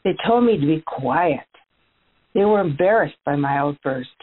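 Earnest, grateful former blind beggar man, as a woman tells it in a low, husky voice, recorded over a tinny phone-like line. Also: lively intonation, normal speed. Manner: earnest storytelling, addresses listeners directly. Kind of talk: first-person dramatic monologue.

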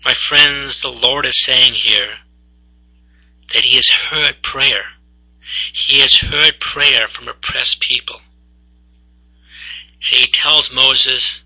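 A man reading scripture aloud and then preaching a homily in a slow, deliberate liturgical manner. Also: mid-range voice, steady tone, vocal fry, sharp tone, slightly rough, poor audio.

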